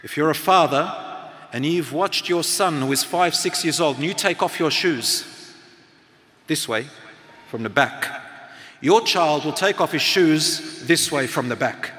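A man's voice: on the high side, measured pace, sharp tone, slight background noise. A middle-aged man and teacher giving a motivational talk to a live audience, engaging them with questions and activities. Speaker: speaker and teacher. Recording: long hall reverb.

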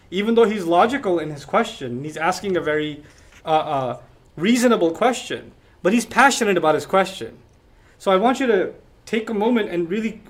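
A man teaching a class on scripture in an emphatic, explanatory way, often checking in with rhetorical questions. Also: sits high. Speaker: religious teacher.

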